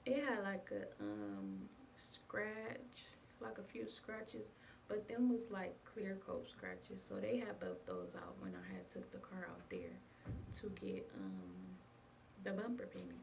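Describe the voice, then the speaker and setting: Gravelly-voiced young woman telling a story. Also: on the low side, big pitch swings, slow pace, a little mellow. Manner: chatty, addresses viewers as y'all. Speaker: vlogger. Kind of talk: casual storytime to viewers. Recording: distant mic with faint background noise.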